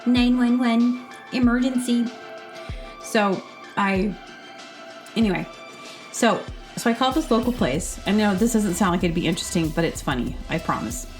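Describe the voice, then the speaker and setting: A woman's voice: mid-range voice, moderate pace, faint music behind. A woman hosting a podcast, telling a rambling story full of fillers and acting out the people in it. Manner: chatty, filler-heavy with lots of "like"; animated, acts out quoted people. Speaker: podcast host.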